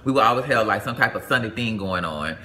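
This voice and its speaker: A young adult man from Atlanta telling a personal story in a casual, animated way, jumping into high voices for the people he quotes. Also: quick pace, slight background noise.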